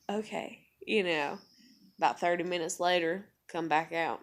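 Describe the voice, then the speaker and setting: A woman's voice: on the low side, moderate pace. A woman vlogger telling a personal story in a blunt, profane, rambling way, full of fillers and quoted back-and-forth. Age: adult parent. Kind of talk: candid personal storytelling to camera.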